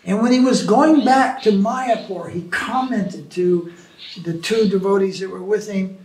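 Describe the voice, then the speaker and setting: Male spiritual teacher, high-pitched, lively and storytelling, recorded from afar in a reverberant room. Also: unhurried. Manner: animated storytelling, mimics chanting. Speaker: spiritual teacher answering questions. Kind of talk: informal Q&A talk. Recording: echoey room from far off.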